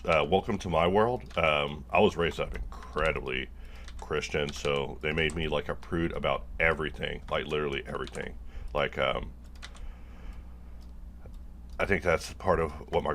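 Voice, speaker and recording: Rambling self-mocking deep-voiced man. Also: a bit bright, a little hiss or hum. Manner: self-deprecating, jokey, rambling with many fillers. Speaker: video maker working on a project. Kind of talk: casual rambling monologue while working.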